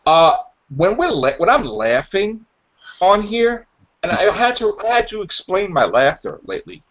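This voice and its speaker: A man hosting a podcast in casual chat, rambling and acting out characters' lines in animated voices. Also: high voice, normal speed. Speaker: podcast host. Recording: dull lo-fi podcast audio.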